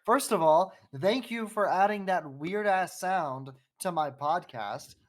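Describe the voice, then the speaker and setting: A man hosting a podcast, chatting in a playful, animated and rambling way. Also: high voice, takes it slowly. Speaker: podcast host. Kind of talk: casual chat.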